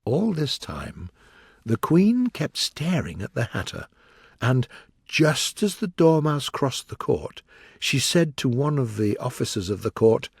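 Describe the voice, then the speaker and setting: Gravelly, lively audiobook narrator. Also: male voice, medium pitch, a little slow, no room sound, studio quality. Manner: lively, expressive reading. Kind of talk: storybook narration.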